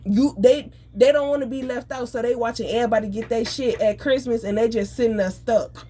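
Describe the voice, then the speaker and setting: A woman venting in an angry, profane, rapid rant. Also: fairly high pitch, mellow, a little hiss or hum. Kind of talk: emotional venting monologue.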